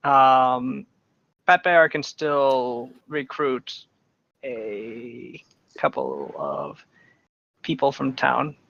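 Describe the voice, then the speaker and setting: A man running a tabletop game as game master, narrating in a dry, measured way. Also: medium pitch, animated, vocal fry, a bit bright, lo-fi sound.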